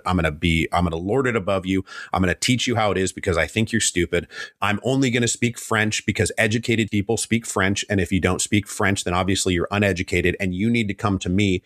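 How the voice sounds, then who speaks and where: A man's voice: sits low, a bit bright, no echo, studio quality. A man guest on a history interview, telling the story in a casual way and acting out the people he quotes in mock voices.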